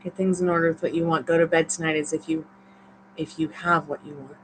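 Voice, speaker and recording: A woman's voice: deep voice, level tone, fast, a little hiss or hum, poor audio. A woman with a Southern accent gives a live-streamed tarot reading in a chatty, encouraging, rambling way. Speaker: tarot reader.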